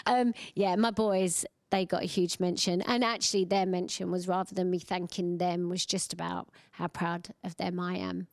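Brief: woman in her 40s, interview guest, chatty storyteller, mid pitch, dry close mic. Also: steady tone, normal speed, dry recording. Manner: chatty, warm storytelling, acts out quoted voices. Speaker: guest, singer. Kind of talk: casual interview chat.

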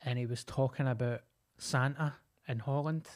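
At a normal pace and medium pitch, this Scottish podcast co-host spins stories in easygoing chat. He's lively, performing other people's quotes as he goes.

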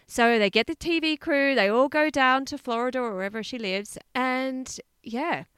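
A woman's voice: high-pitched, moderate pace, clean tone, no echo. A woman, recounting a story in a casual podcast chat, swearing and acting out quotes. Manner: animated, swears, acts out quotes. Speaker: podcast co-host.

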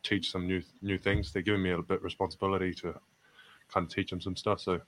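A young man with a New Zealand accent, speaking in a fairly low voice. He is relaxed and self-deprecating in a press interview, dropping "mate" often. Faint background noise sits under his voice. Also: quick pace. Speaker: basketball player. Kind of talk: post-game press interview.

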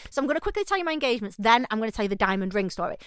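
Lively woman telling stories. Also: on the high side, racing, clean tone, no echo, studio quality. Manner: animated, swears freely, acts out quoted voices. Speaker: podcast co-host. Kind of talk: casual storytelling chat.

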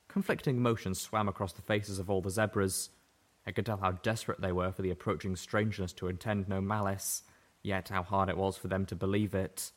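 Male audiobook narrator, low-pitched, steady first-person delivery. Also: a little fast.

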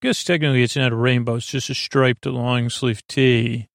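A man recaps an episode for a sleep podcast in a low-key, unhurried way, often stopping to correct himself. His voice has a gravelly fry and stays level, with little rise or fall. The sound is dry and close. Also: steady tone, no echo. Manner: halting, many fillers and self-corrections.

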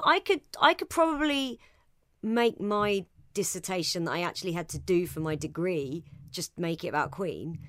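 A woman's voice: on the low side, a bit bright, no room sound. Dry-sounding woman chatting. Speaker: podcast co-host. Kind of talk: casual podcast chat.

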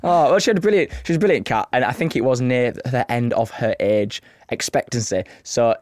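A man's voice: medium pitch, a little fast, a little mellow, no room sound, clean studio sound. A man co-hosting a podcast in casual chat, telling a story and laughing often. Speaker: podcast co-host.

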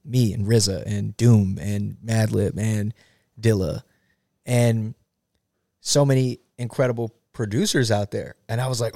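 A man in casual interview chat, an animated storyteller who swears and laughs often. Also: on the low side, measured pace, gravelly, dry recording, clean studio sound. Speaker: guest musician.

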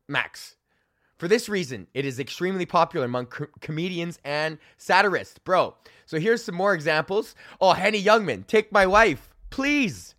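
A man's voice: fairly high pitch, expressive, moderate pace, fairly bright tone, no room sound. A young man hosting his podcast as a stand-up comedian, ranting in a loose, profane, rambling way full of fillers, into a studio mic on a stand. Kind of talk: casual ranting monologue.

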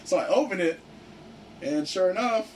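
A young man casually telling a story to friends, excited and profane, filling his talk with "like". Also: high voice, moderate pace. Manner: excited, profane, heavy use of "like". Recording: distant mic with faint background noise.

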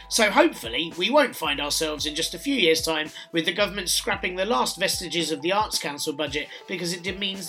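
A man's voice: on the high side, bright, forceful tone. A man with a British accent delivering a scripted satirical monologue in a sardonic, dry, mocking way. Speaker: satirical news presenter.

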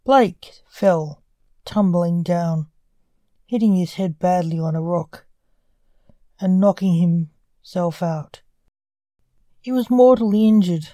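A woman narrating a dark story in a measured, deliberate reading style. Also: on the low side, no room sound.

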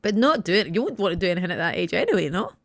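A woman co-hosting a podcast in casual chat, giggly with quick banter. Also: on the low side, sing-song, no room sound, studio quality. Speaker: podcast co-host.

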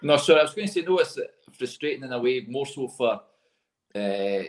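A man's voice: mid-range voice, animated, moderate pace, echoey room. A man with a Scottish accent, co-hosting a football podcast, thoughtful and asking questions. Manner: thoughtful, asks questions, hesitant. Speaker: podcast co-host. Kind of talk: casual football chat.

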